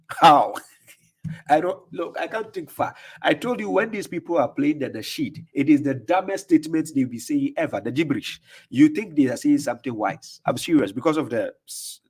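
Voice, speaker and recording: A man reacting to video clips as an online preacher, with a mocking, confrontational tone. He fires off rhetorical questions and laughs in scorn. His voice sits at an ordinary middle pitch. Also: slightly rough. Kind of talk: combative commentary on video clips.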